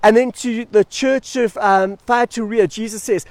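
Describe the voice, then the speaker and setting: A man preaching a sermon as pastor, animated and emphatic, leaning on pauses and repetition. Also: sits high.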